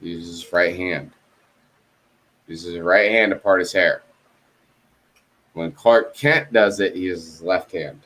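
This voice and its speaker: A man's voice: low voice, steady tone, unhurried, pauses often, fairly bright tone. A man in a casual video-call chat, telling a story with lots of swearing and acting out both sides of phone calls. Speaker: co-host.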